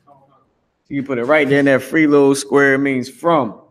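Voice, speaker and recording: Teaching a live online language class streamed to Facebook and YouTube, this man speaks casually in a steady, mid-range voice at a moderate pace. He repeats himself and grumbles whenever the stream drops.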